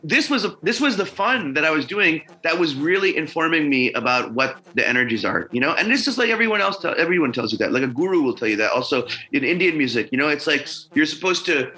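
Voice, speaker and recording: A man's voice: fairly high pitch, animated, quick pace, hardly any pauses, sharp tone, rough recording. A man, a musician guest, telling a long story in casual conversation, rambling with many fillers and swearing freely.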